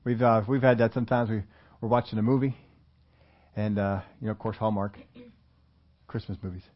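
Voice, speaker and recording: A man's voice: lowish voice, fairly even intonation, fairly quick. A man preaching a sermon in a conversational way, often asking his listeners questions. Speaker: pastor. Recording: muffled lo-fi recording.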